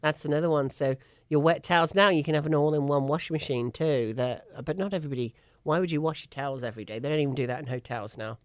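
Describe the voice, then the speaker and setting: A woman's voice: deep voice, fast talker. A woman with an English accent, co-hosting a casual chat show and talking with emphatic enthusiasm. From England. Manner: chatty and emphatic, with frequent laughs. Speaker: co-host.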